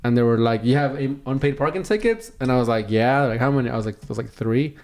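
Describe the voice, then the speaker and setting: A man co-hosting a podcast, telling a story in casual chat, acting out other people's lines with sudden jumps in pitch and lots of swearing. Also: fast. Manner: animated, acts out quotes with big pitch jumps, swears a lot. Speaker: podcast co-host.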